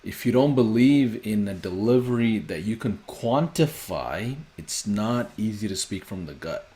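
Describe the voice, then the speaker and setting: A man hosting a sales workshop, talking fast and pressing his points with repetition. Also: lowish voice, expressive, warm tone. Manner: fast-paced, urgent, repetitive emphasis. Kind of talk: motivational teaching.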